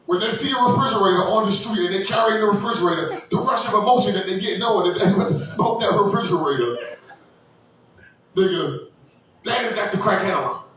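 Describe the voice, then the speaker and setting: A stand-up comedian works the crowd, crude and loud, jumping into high squealing voices for his characters. His voice is bright and forceful. It rings around a very echoey room, caught from a little distance by the mic. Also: a little fast.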